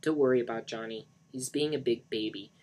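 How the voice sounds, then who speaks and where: A man's voice: mid-range voice, fairly quick, darkish tone, close to an everyday voice. A man voicing a scornful, scheming young woman in a dramatic reading.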